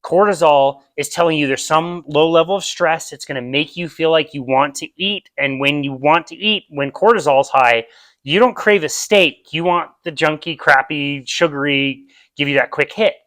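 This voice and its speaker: A man's voice: fairly high pitch, moderate pace, fairly bright tone, no room sound. A man with an American accent giving a casual nutrition lecture in a park, explaining with vivid everyday examples. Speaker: nutrition seminar presenter. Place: outdoor park.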